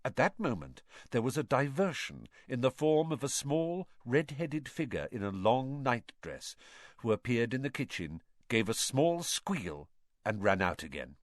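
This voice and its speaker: Expressive male storyteller. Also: mid-range voice, measured pace, no echo, clean studio sound. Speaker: narrator. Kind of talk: reading a novel aloud.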